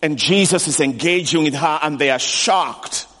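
A man preaching a sermon in a church, animated and emphatic, repeating key lines for weight. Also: fairly high pitch, normal speed. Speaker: pastor. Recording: long reverb of a large hall.

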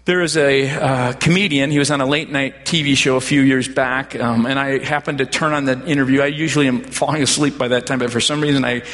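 A man's voice: medium pitch, steady tone, a little fast, few pauses, fairly bright tone, in a large hall. A male pastor preaching a sermon in a chatty storytelling way, often restarting his phrases. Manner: conversational storytelling with repeated restarts.

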